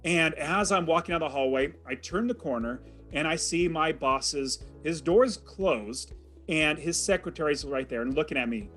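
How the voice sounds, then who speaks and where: Guy telling his story on a podcast, dramatic and vivid, a bit high-pitched. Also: moderate pace, a bit bright, soft background music. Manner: vivid, dramatic retelling with acted quotes. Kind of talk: animated personal storytelling.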